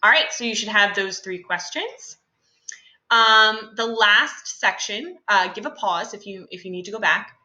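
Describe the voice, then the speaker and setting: A woman's voice: medium pitch, animated, unhurried, bright, forceful tone, reverberant, dull audio. A young adult woman teacher talking through a class lesson in a chatty, casual way with many fillers and asides.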